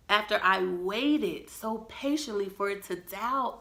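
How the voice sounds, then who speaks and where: A young woman vlogging a storytime, animated and dramatic, acting out quotes and sound effects. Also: medium pitch, takes it slowly, few pauses. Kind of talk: storytime vlog.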